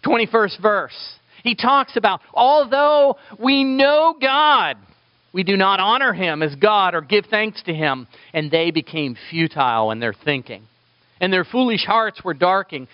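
Animated male preacher, dry dull sound. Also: a little high, no echo. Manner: animated preaching with sudden loud and soft turns, playful asides to the congregation. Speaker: pastor. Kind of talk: sermon.

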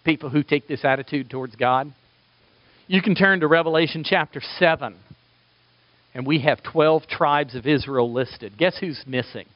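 A man delivers a sermon from the pulpit in a high-pitched, animated voice, slipping into quoted voices as he preaches. The sound is dry and a little dull. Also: normal speed, no room sound. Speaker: pastor.

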